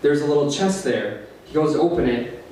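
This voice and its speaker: Rambling open-mic comic in an echoey room. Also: male voice, a little high, lively intonation, fairly quick, darkish tone. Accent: Upper Midwest American. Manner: rambling, self-deprecating joke telling with nervous laughs. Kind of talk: stand-up comedy. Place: small cafe stage. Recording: very echoey room, distant mic, faint hiss.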